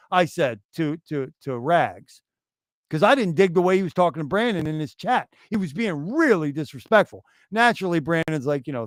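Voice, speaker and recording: A man's voice: high-pitched, very animated, moderate pace, fairly bright tone, dry recording, clean studio sound. A man co-hosting a casual crypto livestream, ranting profanely and animatedly, often slipping into mocking impressions of others. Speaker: co-host. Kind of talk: casual crypto stream chat.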